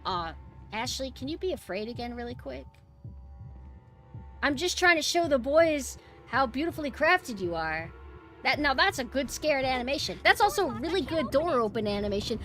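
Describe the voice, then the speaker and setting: A woman streamer narrating her own gameplay with excitable energy, swearing freely and breaking into shouts. Her voice is bright and rather high, leaping all over the place in pitch. Light game music plays in the background. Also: normal speed. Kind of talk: gameplay commentary.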